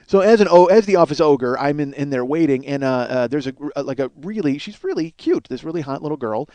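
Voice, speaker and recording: A man's voice: a little high, animated, quick pace, mellow, dry recording. A middle-aged man hosting a solo podcast, telling rambling, crude, self-mocking stories. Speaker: podcast host.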